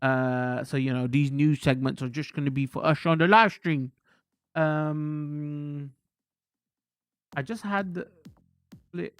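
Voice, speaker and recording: A man's voice: on the high side, fairly even intonation, slow, pauses often, clean tone, no echo, faint music behind. A man streaming games, chatting and ranting loosely to his viewers with frank swearing. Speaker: game streamer. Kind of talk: casual live-stream chat.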